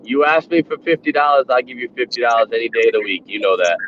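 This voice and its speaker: A man's voice: mid-range voice, lively intonation, fast, a bit bright, slight background noise. A man with a Boston accent, a panel guest in casual podcast chat, blunt and joking. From New England, US. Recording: dull lo-fi stream audio.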